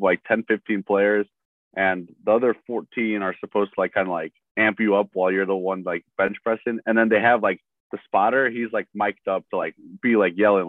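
A man's voice: fairly low pitch, no echo. Man on a tinny phone line. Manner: rambling, filler-heavy storytelling. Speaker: sports reporter. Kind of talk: casual podcast chat.

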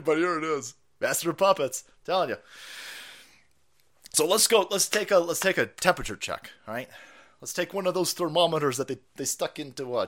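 A man hosting a livestream, ranting in a foul-mouthed, mocking way. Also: on the high side. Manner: loud, mocking, swings between mutters and yells. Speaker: livestream host. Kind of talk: foul-mouthed political rant.

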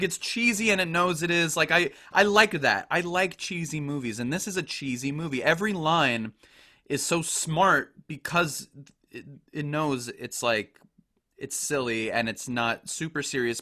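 A man's voice: a little high, bright, forceful tone. A man co-hosting a casual podcast chat, enthusiastic and rambling, full of "like" fillers. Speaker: podcast co-host.

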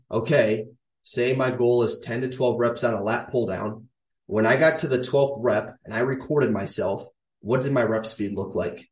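A man's voice: mid-range voice, darkish tone. A man in his thirties coaching on strength training in a casual, emphatic way, repeating his key points. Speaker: fitness coach. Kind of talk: casual instructional talk to camera. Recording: echoey room, voice from a distance.

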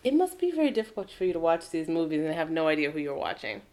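A woman's voice: low-pitched, big pitch swings, fast talker, a little mellow. A young woman co-hosting a podcast in casual chat, teasing her co-host and laughing often.

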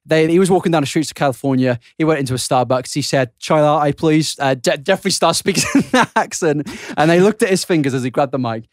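A man's voice: on the high side, fast, few pauses, no room sound, clean studio sound. A young man co-hosting a podcast, rambling through crude jokes with lots of giggling. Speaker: podcast co-host. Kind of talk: casual comedic podcast chat.

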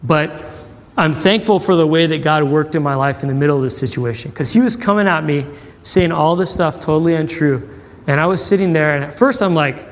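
Animated male preacher in a reverberant hall. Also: a little high, fairly quick. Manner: animated storytelling, acts out quotes, asks audience questions. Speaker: pastor. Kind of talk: sermon.

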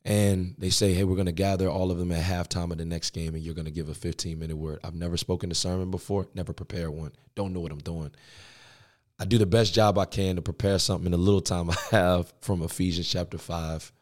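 Young male pastor guest, very low voice, casual slangy storyteller. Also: level tone, fairly quick. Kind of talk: storytelling interview.

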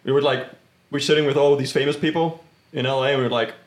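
Host: Icelandic man, rapid easy chatter, mid voice, recorded in a roomy, echoey space. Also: medium pitch, fairly even intonation. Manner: quick, chatty, backchannels a lot. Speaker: podcast host. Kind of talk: casual chat. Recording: roomy echo.

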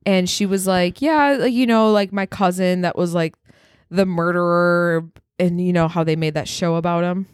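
Woman, casual podcast chat, animated storyteller, swears freely, dry close sound. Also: fairly low pitch, moderate pace, smooth, no room sound. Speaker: podcast co-host.

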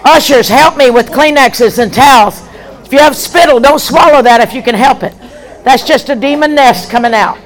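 High-voiced woman evangelist shouting commands. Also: some chatter behind, poor audio. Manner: forceful rapid-fire commands, often shouted; leads the audience in call-and-response. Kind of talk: leading a deliverance prayer session.

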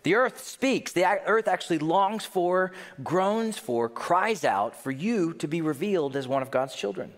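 A man's voice: high-pitched, animated, unhurried, few pauses, long reverb tail. A man preaching a sermon, asking rhetorical questions and joking with his congregation. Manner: jokes with the congregation. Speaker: pastor.

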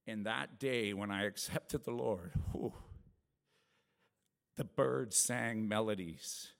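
A middle-aged man, a worship leader, praying and telling his testimony in a chatty, lively way, laughing often and acting out voices. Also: on the low side, takes it slowly, vocal fry. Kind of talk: prayer and personal testimony talk. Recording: long reverb of a large hall.

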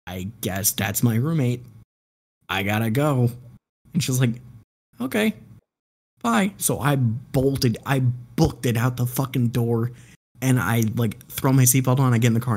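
A man spins a long, profane story for his friends on a group call. His voice is slightly husky, and he acts out every person in the tale as he goes. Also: mid-range voice, a little mellow. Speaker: podcast guest telling a story. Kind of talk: casual storytelling among friends.

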